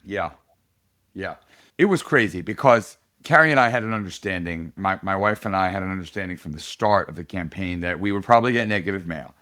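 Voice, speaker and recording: In a relaxed podcast interview, a middle-aged political candidate relates a story with plenty of energy and frequent laughter. His voice is deep and his pace brisk.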